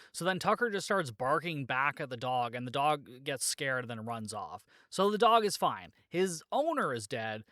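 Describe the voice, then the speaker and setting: A man's voice: on the high side, a bit bright, no room sound, studio quality. A man hosting a podcast, casually retelling a movie plot with lots of fillers and joking asides. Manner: rambling, filler-heavy retelling with frequent "like"; jokey, laughs at his own asides. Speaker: podcast host.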